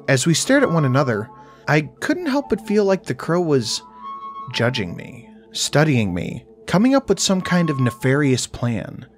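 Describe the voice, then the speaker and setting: A man narrating a first-person horror story in a dry, wry storytelling manner. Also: medium pitch.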